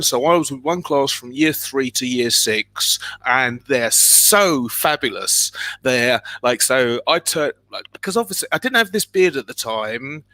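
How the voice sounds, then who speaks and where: A man tells stories with a lot of rise and fall in his voice, jumping into little acted scenes and sudden loud exclamations. His tone is bright and forceful. The sound is dry and close, with no room echo. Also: on the high side. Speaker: guest. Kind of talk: animated personal storytelling.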